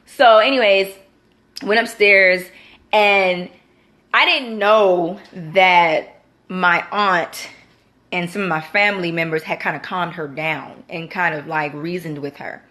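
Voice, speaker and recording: A woman's voice: unhurried, a bit bright. A young woman telling a personal faith story in casual talk, full of "you know" and acted-out quotes. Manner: conversational, many fillers like "you know"; acts out quoted lines with big pitch jumps. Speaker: Christian vlogger. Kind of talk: casual testimony.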